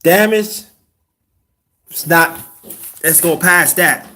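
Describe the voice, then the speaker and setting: A man with a high, bright voice hosts a casual livestream and lectures his viewers about family and marriage. He talks in a preachy way, sometimes sinking to a hushed whisper to stress a point. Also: takes it slowly. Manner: preachy, drops to whispers for emphasis. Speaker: livestream host.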